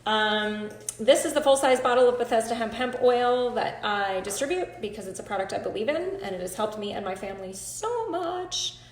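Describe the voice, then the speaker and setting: Shaky woman near tears hosting a live stream, lots of ums, high pitch, roomy echo. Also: lively intonation, normal speed, hardly any pauses. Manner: nervous, hesitant, many ums. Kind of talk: casual live-stream talk. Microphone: phone or computer.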